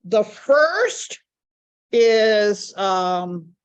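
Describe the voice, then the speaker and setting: A woman teaching a Bible study lesson, speaking deliberately and repeating key words for emphasis. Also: medium pitch, very animated, clean tone.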